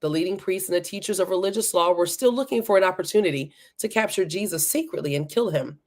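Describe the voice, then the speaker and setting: A woman's voice: on the low side, quick pace, a little mellow. A woman hosting a Bible reading challenge, reading Scripture aloud and breaking off for casual, chatty commentary. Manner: breaks off to chat and laugh at herself.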